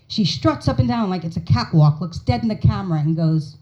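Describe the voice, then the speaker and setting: A woman's voice: fairly high pitch, animated, normal speed, mellow, lo-fi sound. An American woman in her forties performing a stand-up comedy set at a small pub comedy night, telling stories and acting out her mother's lines. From United States.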